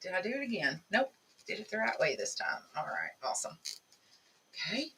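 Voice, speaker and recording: A woman's voice: medium pitch, wildly swooping pitch, brisk, sharp tone, distant mic, a little hiss or hum, low-quality recording. A woman hosting a live crafting demonstration, chatting with viewers as she works. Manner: chatty, talks to viewers while working. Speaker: craft tutorial host.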